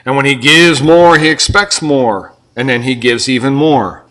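Firing question after question at his listeners, an older man delivers a sermon in an unhurried, medium-pitched voice. As a pastor, he shifts from forceful, loud lines to soft asides.

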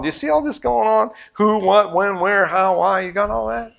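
A man preaching a sermon, animated, acting out scenes and shifting between loud and soft. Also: high-pitched, normal speed, creaky, hardly any pauses. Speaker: pastor.

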